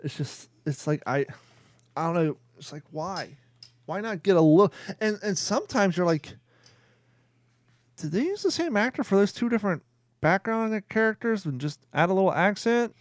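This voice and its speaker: A man's voice: high voice, animated, normal speed, no room sound, studio quality. A man hosting a podcast, chatting casually with rambling asides, fillers and jokes. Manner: rambling, joking, many fillers. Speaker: podcast host. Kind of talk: casual chat.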